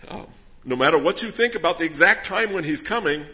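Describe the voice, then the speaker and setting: A man's voice: on the high side, lively intonation, brisk, pushed and bright, lo-fi sound. A man preaching a sermon, reading scripture and asking rhetorical questions with earnest emphasis. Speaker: pastor.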